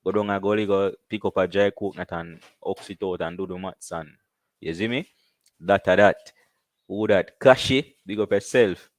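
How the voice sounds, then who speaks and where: A Jamaican man with a very low voice hosts a live stream and chats easily with his viewers. He gives big-ups one after another and talks in a loose, rambling way. The sound is dry, with no room echo. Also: normal speed. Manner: loose, chatty, giving shout-outs, saying "you see me" again and again. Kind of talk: casual live-stream chat.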